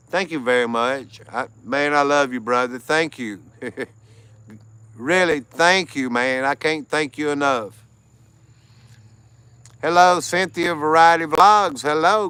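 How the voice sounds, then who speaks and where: A man's voice: on the high side, bright, forceful tone, smooth, dry recording. A tired American man hosting a casual livestream, greeting chat viewers by name and laughing often. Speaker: livestream host.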